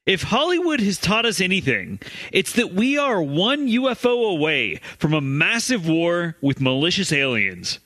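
A man's voice: high-pitched, very animated, moderate pace, pushed and bright, no echo. A man co-hosting a comedy podcast, reading news stories aloud and laughing at his co-hosts' jokes. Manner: reads stories aloud, laughs often, corrects others. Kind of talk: scripted news reading with banter.

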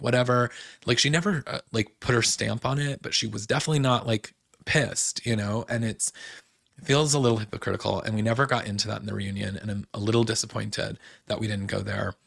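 A man's voice: medium pitch, gravelly, a bit bright, dry recording, studio quality. A young man hosting a casual recap, chatty and opinionated, acting out quotes with lots of "like". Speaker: podcast host recapping a reality show.

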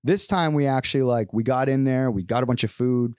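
A man co-hosting a podcast, telling stories in a casual, animated way and acting out the people in them. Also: medium pitch, brisk, no room sound, clean studio sound. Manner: animated storyteller who acts out the people in his stories. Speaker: podcast co-host. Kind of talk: casual chat.

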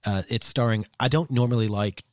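A man's voice: mid-range voice, a little fast, dry recording. Forties guy cohosting a podcast, opinionated, swears a bit, dry mic. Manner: opinionated, swearing, animated when excited. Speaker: podcast co-host. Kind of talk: casual chat.

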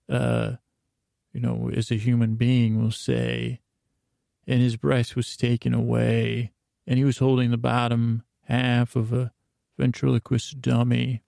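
A man's voice: mid-range voice, vocal fry, warm tone, dry recording, studio quality. A man hosting a podcast, narrating a rambling bedtime story with lots of restarts and self-corrections.

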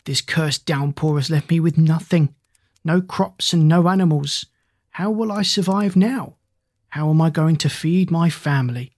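A grief-stricken, short-tempered farmer, voiced by a storybook narrator, cries out at the heavens and snaps at strangers. The tone is husky and breathy. It is recorded dry and close, with no room around it. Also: mid-range voice, a little slow, darkish tone, no room sound. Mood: angry. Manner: wailing, annoyed complaints. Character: distraught hard-working male farmer, grieving and quick-tempered.

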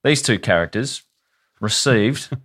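A man's voice: on the low side, animated, slow, a bit bright, breathy edge. A man with an Australian accent, telling a grim story with sweary, wry asides in a casual podcast chat. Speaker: podcast co-host.

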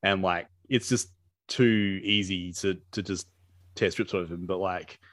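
A man's voice: low-pitched, fairly even intonation, measured pace, fairly bright tone, no echo, clean studio sound. A man co-hosting a casual movie commentary chat, rambling with lots of fillers, restarts and laughter. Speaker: podcast co-host.

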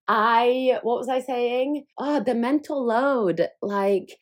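A woman's voice: on the high side, extremely slow. A young woman hosting her own podcast, talking frankly and chattily, often laughing and swearing freely. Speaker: podcast host. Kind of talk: candid solo podcast chat.

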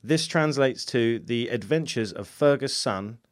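A man's voice: mid-range voice, a little slow. A man hosting a casual podcast, reading out folklore notes and chuckling through jokey asides. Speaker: podcast host.

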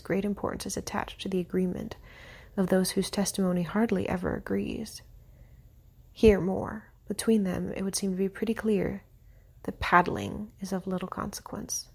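Soft-voiced woman reading devotional text. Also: mid-range voice, little pitch movement, normal speed, vocal fry, husky. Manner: soft-spoken, often near a whisper. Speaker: host reading aloud. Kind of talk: reading a devotional text aloud with brief comments.

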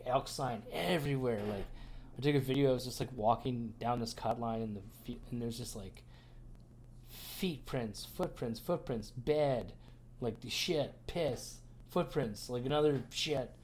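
A man's voice: mid-range voice, a little mellow, a little hiss or hum. Rambling, profane man telling a story. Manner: rambling, filler-heavy, profane. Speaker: podcast co-host. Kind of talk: casual chat, storytelling.

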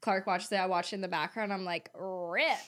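A woman's voice: medium pitch, fairly even intonation. Bubbly young woman podcast co-host. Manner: bubbly and dramatic, quick to laugh. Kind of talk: casual chat.

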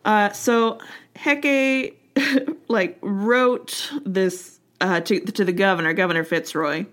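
A woman of middle pitch walks through a history story in a loose, chatty way. She trips over her words, circles back, and tells it with a wry, joking tone. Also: steady tone, slow pace, a bit bright. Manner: chatty, full of fillers and restarts, wry. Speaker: podcast co-host telling a history story. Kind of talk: casual conversational storytelling.

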